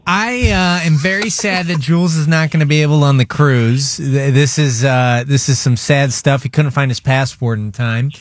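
A man's voice: mid-range voice, steady tone, moderate pace, hardly any pauses, slight background noise. A man hosting a radio show, steering the casual banter with upbeat prompts to his guests.

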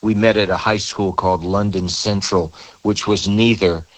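Man, low voice, relaxed storytelling, radio interview guest. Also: moderate pace, poor audio. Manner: relaxed storytelling with repeated words. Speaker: musician guest.

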